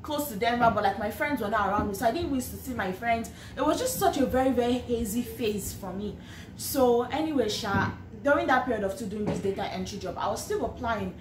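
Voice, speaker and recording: A woman's voice: on the high side, expressive, a little fast, noisy background. A young woman with a Nigerian accent telling a personal story in a chatty, earnest way, often repeating and restarting phrases. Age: young adult. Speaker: vlogger. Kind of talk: personal storytelling with faith reflection. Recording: echoey room with faint ambience.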